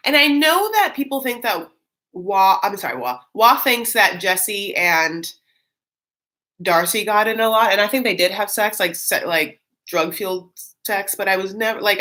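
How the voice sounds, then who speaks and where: A woman's voice: fairly low pitch, sharp tone. A woman hosting a live stream, chatting casually and rambling with lots of fillers and giggles. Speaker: live-stream host reacting to a reality show.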